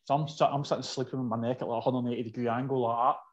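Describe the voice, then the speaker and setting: A Scottish man telling a story in casual chat, animated and swearing freely. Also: medium pitch, very fast, muffled recording.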